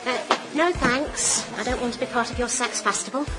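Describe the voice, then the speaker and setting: A woman's voice: on the high side, normal speed, over a noisy crowd, very noisy, natural voice. A woman as a prim, put-out sitcom wife. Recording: sitcom clip, loud audience laughter.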